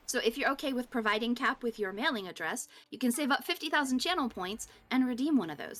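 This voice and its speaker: Woman co-host, high voice, lively pitch, friendly explaining, casual stream chat.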